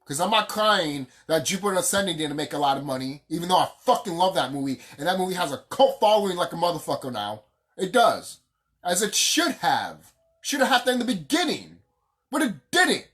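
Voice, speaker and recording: Profane vlogger ranting with swinging pitch. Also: very animated, fairly quick, fairly bright tone. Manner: profane, heated and emphatic, repeats phrases for stress. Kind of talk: casual unscripted rant.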